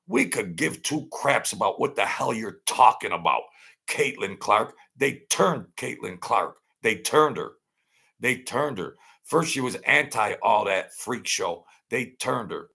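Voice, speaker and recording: A middle-aged man rants slowly through a late-night monologue, circling back on the same phrases with a scoffing edge. His low voice is gravelly and husky, with frequent dips into fry. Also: sharp tone. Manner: rambling, repeats phrases, mocking. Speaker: channel host.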